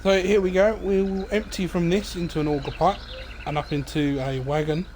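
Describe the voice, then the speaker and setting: Man, gaming streamer, casual rambling commentary, filler-heavy, slightly high voice, faint bird ambience behind. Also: moderate pace, a little hiss or hum. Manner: relaxed, rambling, many fillers. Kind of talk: casual let's-play commentary.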